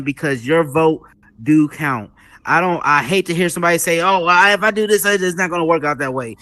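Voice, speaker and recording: Lively man hosting a live show, dry sound. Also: on the high side, no room sound. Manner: animated, repetitive, preacher-like emphasis, calls the audience "folks". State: a little out of breath. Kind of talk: casual live show monologue.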